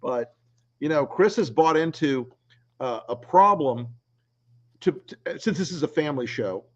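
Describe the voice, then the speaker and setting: A man's voice: on the high side, lively intonation, unhurried, muffled recording. A man co-hosting a casual political chat, sardonic and profane. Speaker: co-host.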